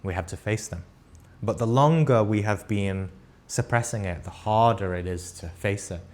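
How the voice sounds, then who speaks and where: Male spiritual teacher, slightly low voice, earnest and halting as he tells a story to a live class. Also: darkish tone. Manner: unhurried and earnest, often checks in with "right?"; talks in short halting phrases with frequent restarts. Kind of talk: live class lecture, recounting an experience.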